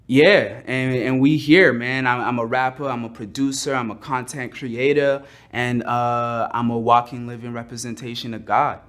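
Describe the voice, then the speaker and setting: Man from massachusetts, rapper, mid-pitched voice, relaxed, unhurried. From Brockton, Massachusetts. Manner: relaxed, unhurried self-introduction. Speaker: rapper and producer.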